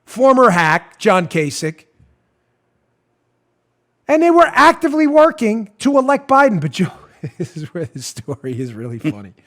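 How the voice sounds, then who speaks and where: A man's voice: high-pitched, sing-song, unhurried, a bit bright. A man hosting a political talk show, telling a story in a mocking, theatrical way and often breaking into laughter. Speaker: host.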